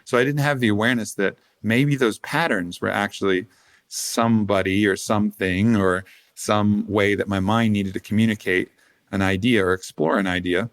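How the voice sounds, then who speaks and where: A man with a low voice tells a rambling, casual story as a podcast guest. He drifts through fillers and restarts, drops swear words freely, and chuckles between thoughts. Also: fairly even intonation, moderate pace. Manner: rambling, swearing, laughing asides.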